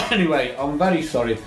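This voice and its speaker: A man's voice: on the high side, expressive, normal speed. A man tells a crude fishing-trip story casually, stumbling and restarting as he goes. The room is echoey, with faint music underneath. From England. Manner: swearing, laughing anecdote teller with many restarts. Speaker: fishing vlogger.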